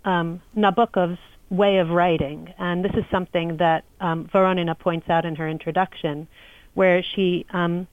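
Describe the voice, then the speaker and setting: Woman guest, low-ish voice, thoughtful with ums, dry slightly lo-fi line. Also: fairly even intonation, no room sound. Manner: measured, many ums. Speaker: literary editor guest. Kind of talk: podcast interview.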